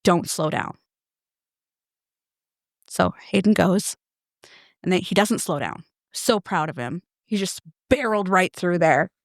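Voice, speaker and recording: A woman co-hosting a podcast, telling a story in a lively way and laughing often. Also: fairly low pitch, unhurried, pauses often, no echo, studio quality. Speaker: podcast co-host. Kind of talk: casual chat.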